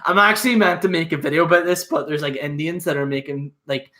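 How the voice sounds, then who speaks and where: A man's voice: fairly high pitch, fairly even intonation, fast talker, bright, forceful tone. A young man hosting a casual solo stream, rambling and swearing with lots of fillers. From Northern Ireland. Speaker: host. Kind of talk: casual solo livestream chat.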